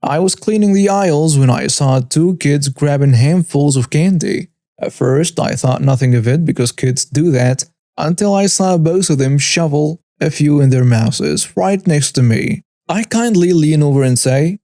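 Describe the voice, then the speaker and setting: A man reads online stories aloud in a wry, even way. His voice is mellow and dark but sits slightly high, recorded dry and close. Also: moderate pace, no room sound. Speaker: narrator. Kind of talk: scripted narration of online stories.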